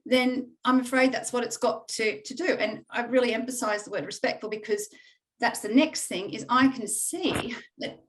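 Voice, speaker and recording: A middle-aged woman, a coaching client, speaking candidly and reflectively in conversation, halting often with fillers. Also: a little high, rough recording.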